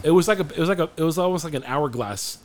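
A man co-hosting a podcast, telling a story in casual chat, animated and often restarting his sentences. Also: on the high side, racing. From Phoenix area, USA. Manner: animated, restarts a lot, acts out quotes. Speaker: podcast co-host.

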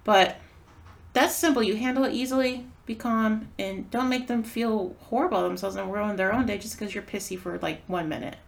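A woman's voice: mid-range voice, a little fast, vocal fry. A woman co-hosting a podcast, telling a story in casual chat, acting out quotes and swearing freely. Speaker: podcast co-host.

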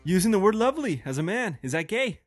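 A man's voice: high-pitched, sing-song, fast talker, music in the background. A man co-hosting a casual podcast, joking and teasing with lots of swearing. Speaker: podcast co-host. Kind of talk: casual chat.

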